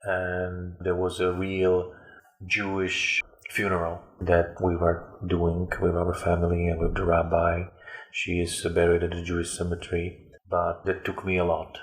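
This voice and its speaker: Deep, flat-voiced man telling his story. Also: roomy sound. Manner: halting, with frequent fillers and restarts. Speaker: interview guest. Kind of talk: personal storytelling.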